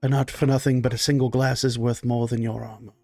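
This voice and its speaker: A man's voice: mid-range voice, flat delivery, quick pace, warm tone, dry recording, studio quality, natural voice. A man voicing a polite, formal tiefling manservant who addresses guests as "sir". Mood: courteous. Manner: courteous, formal, says "sir".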